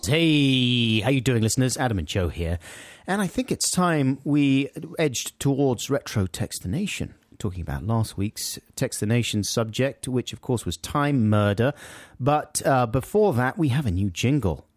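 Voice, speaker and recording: A man's voice: mid-range voice, animated, normal speed, few pauses, no echo, studio quality. A man co-hosting a podcast in casual, playful chat, laughing often. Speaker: podcast co-host.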